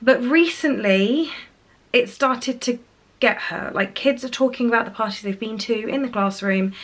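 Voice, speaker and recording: A woman speaks in a gentle, soft-spoken way, her voice sitting a little high. She is a mum in her thirties vlogging casually to camera, often dropping low and quiet as she talks. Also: normal speed. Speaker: parent vlogger. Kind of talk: emotional casual vlog.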